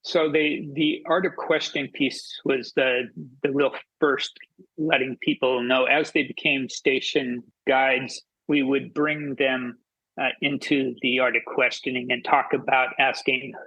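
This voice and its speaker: A man recounts his years guiding others in a relaxed interview, stopping and restarting his phrases. His voice is gravelly with a husky grain. The sound is dry and close. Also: medium pitch, no room sound, lo-fi sound. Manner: halting, restarts phrases often. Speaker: former tracking club leader. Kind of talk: casual interview storytelling.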